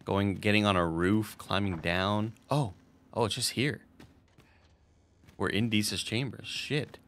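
A man's voice: on the low side, a little slow, a bit bright, a little hiss or hum. A man streaming a video game, chatting casually to his viewers, swearing freely and laughing often. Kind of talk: casual gameplay commentary.

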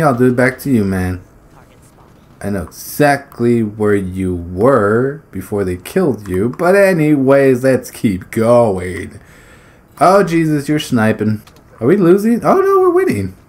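A man giving loose, casual commentary while he plays a shooter, his voice at an ordinary middle pitch. He rambles from thought to thought, swears without a second thought and breaks into short laughs between phrases, throwing in sudden exclamations as the action picks up. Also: a little mellow. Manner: blurts exclamations during play. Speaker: gaming YouTuber. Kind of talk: casual commentary over gameplay.

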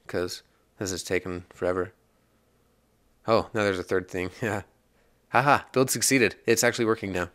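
A man's voice: sits low, gravelly, a bit bright, dry recording. A man hosting a casual coding tutorial, chatting and rambling as he works, laughing at bugs along the way. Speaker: iOS developer tutorial host.

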